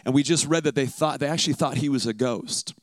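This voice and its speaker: Man, sermon, conversational and emphatic, dry close sound, mid pitch. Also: quick pace, dry recording. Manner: conversational, emphatic, repeats words for effect. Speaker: preacher.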